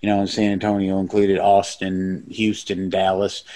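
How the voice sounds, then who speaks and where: Give me a man with a lowish voice talking bluntly and rambling as a podcast guest. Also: completely flat delivery, normal speed, warm tone. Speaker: stand-up comedian guest. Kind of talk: casual podcast chat.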